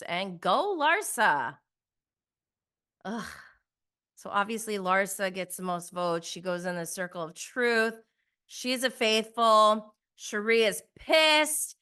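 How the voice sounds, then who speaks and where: Young woman, slow unhurried delivery, bright voice, gossipy laughing recap chat. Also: medium pitch, animated, smooth. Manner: gossipy, laughing, mimics contestants' lines. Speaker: show recap reviewer.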